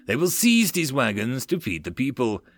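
A calm, commanding lord in an audiobook who speaks in short orders, as a man reads him. The voice is dry and close. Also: medium pitch, normal speed, no echo. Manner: calm, terse.

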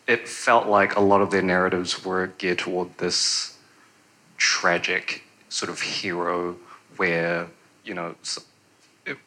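A man with a very deep voice but a sharp, bright tone asks a long, rambling question from the audience. He hesitates often, filling the gaps with pauses. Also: poor audio. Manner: hesitant, many fillers. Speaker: audience member asking a question.

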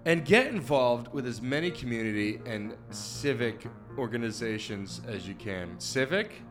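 A man's voice: mid-range voice, lively intonation, unhurried, music in the background. A man co-hosting a comedy podcast, reading out tips and joking with frequent laughs. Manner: joking, laughs often, reads tips aloud. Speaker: podcast co-host. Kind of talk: comedic casual chat.

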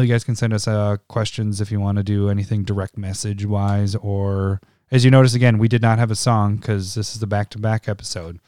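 A man's voice: medium pitch, a little mellow, clean tone, no echo, studio quality. A man co-hosting a podcast in casual chat. He rambles, jokes at his own expense and laughs often, a couple of beers in. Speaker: podcast co-host.

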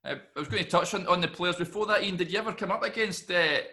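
A male host asks his questions quickly and eagerly, tripping over his words now and then. His voice sits a touch higher than most men's. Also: pushed and bright. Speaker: podcast host. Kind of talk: casual interview questions.

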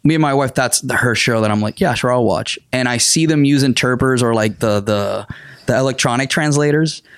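A man who works as an interpreter, talking in a casual podcast chat, telling animated stories and acting out quotes with some swearing. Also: medium pitch, brisk, smooth, no room sound, studio quality.

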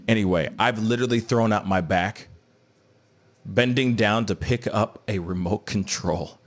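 A man's voice: lowish voice, unhurried. Guy hosting a live stream, rambly and jokey, reading chat comments out. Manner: rambling, joking, reads chat comments aloud. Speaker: host of a live entertainment news stream.

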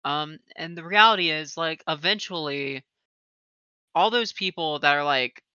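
A man with a very bright, crisp voice, chatting in a loose, rambling way full of fillers. The sound is dull and lo-fi, and the room is dry. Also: a little high, measured pace, dry recording. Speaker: podcast regular and streamer. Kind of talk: casual chat.

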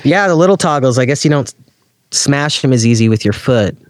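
A man's voice: mid-range voice, animated, fairly quick. A man being interviewed as a guest on a casual podcast, talking in a laid-back, friendly way. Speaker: guest, pedal builder.

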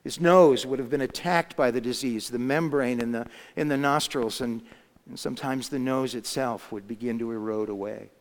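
A man's voice: mid-range voice, moderate pace. Preacher man telling a story in a reverberant hall. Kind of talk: sermon storytelling.

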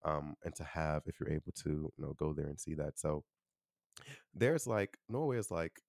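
A man's voice: very deep voice, lively intonation, normal speed, vocal fry, a little mellow, dry recording, clean studio sound. A young man from Chicago hosting a casual solo podcast, chatty and loose, with lots of "you know" and "like.". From Chicago, USA. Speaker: podcast host.

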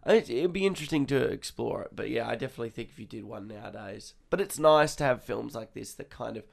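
A man's voice: medium pitch, lively intonation, quick pace, vocal fry. A man co-hosting a film review podcast in casual chat, rambling and often trailing off mid-thought. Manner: rambling, trails off, restarts sentences. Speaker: podcast co-host.

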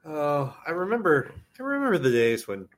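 A man's voice: fairly high pitch, very animated, moderate pace. A man co-hosting a podcast in casual chat, tossing in wry, sarcastic quips. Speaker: podcast co-host.

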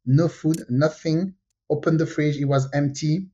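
Woman telling a story. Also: a little slow. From France. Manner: animated, jumps pitch when quoting people, frequent fillers. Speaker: podcast co-host. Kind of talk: casual storytelling chat. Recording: dull lo-fi podcast audio.

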